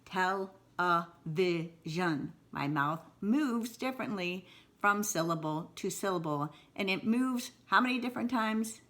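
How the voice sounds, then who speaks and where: A woman with a bright, clear voice leads a video lesson on syllables. She stretches and repeats words slowly to show each beat, and cheers her learners on. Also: mid-range voice, lively intonation. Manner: slow, exaggerated word repetition, encouraging. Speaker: writing teacher.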